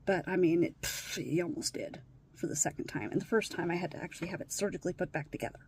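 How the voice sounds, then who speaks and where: A woman confides in her camera as a stepmother, her voice husky and mellow. She swings between hushed, breathy whispers and raised, strained outbursts, with the emotional pull of confessional vlog talk. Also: lowish voice, fast talker.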